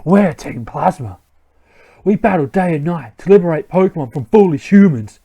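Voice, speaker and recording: A man's voice: a little high, lively intonation, normal speed, mellow. A man voicing a zealous male villain grunt from a game, earnest and preachy in tone. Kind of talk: reading game dialogue aloud.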